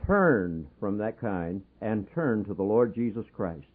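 Husky guy preaching on old radio, fervent, pleading, thin phone-like sound. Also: on the low side, sing-song, a little slow. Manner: fervent, pleading, rises to loud exhortation. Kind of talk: sermon. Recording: tinny phone-like radio broadcast.

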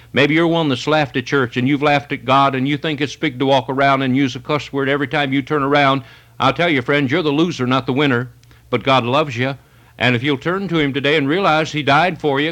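A man's voice: on the high side, fairly bright tone. A male preacher delivering a fervent, emphatic sermon, reading scripture aloud and exhorting his listeners directly.

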